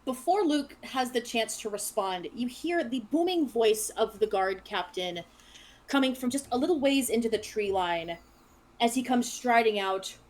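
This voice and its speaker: A woman's voice: fairly high pitch, animated, moderate pace. Woman narrating as dungeon master. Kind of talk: narrating a tabletop game.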